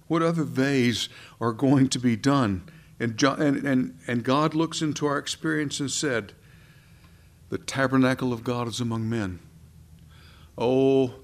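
Earnest man preaching a sermon. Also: on the high side. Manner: earnest, preaching with swings between soft and emphatic; conversational, asks the congregation questions.

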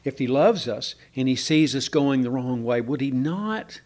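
A man's voice: medium pitch, lively intonation, unhurried, darkish tone. A man with a drawl walks his congregation through a Bible text. He is informal and searching, halts on fillers, and often turns to ask his listeners what they think. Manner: conversational, asks the room questions, hesitant with many fillers. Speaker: preacher.

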